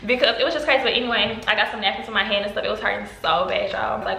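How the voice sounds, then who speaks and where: A young adult woman telling a storytime vlog with animated energy, jumping her pitch up whenever she quotes someone. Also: racing, creaky. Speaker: vlogger. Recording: roomy echo.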